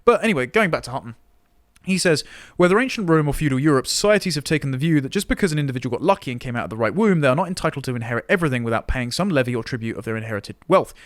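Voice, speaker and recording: A man's voice: medium pitch, lively intonation, racing, no echo. A man giving political commentary in a podcast, sardonic and reading long quotes aloud.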